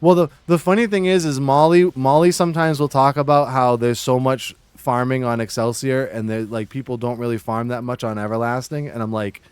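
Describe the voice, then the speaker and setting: Speaking at a brisk clip with few pauses, this Massachusetts streamer has a smooth, mid-range voice and fairly even intonation. He hams up a fake Boston-New York accent while casually chatting and teasing his chat, recorded on a clean, dry home mic with no echo.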